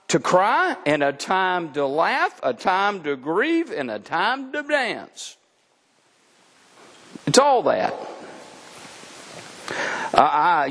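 With a high-pitched, creaky voice, a middle-aged man preaches as pastor in a folksy, conversational style, animated and laughing. Long hall reverb fills the recording.

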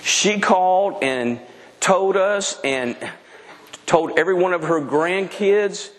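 A man's voice: sits high, slow pace, big-room sound. A middle-aged man preaching a sermon in a frank, emphatic way, often restarting his sentences. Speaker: pastor.

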